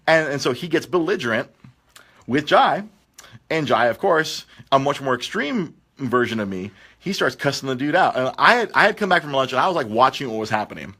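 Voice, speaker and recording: A man hosting a podcast in a radio studio, telling a story in a lively way, acting out the voices of the people in it and laughing often. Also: mid-range voice, fairly quick, husky. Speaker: podcast host. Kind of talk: animated storytelling chat.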